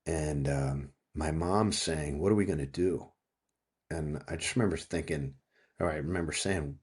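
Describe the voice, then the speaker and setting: Very deep and a touch rough, his voice runs at normal speed. As a guest author in a casual interview, this Pennsylvania man in his fifties tells a story with animation, performing people's quotes and swearing often.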